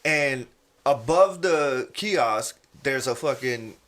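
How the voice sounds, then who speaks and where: A man tells a story on a podcast, loose and animated, putting on other people's voices as he goes. His voice is bright and forward. He sits at a middle pitch and talks in a relaxed, chatty way. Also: slow. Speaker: podcast co-host. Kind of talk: casual storytelling chat.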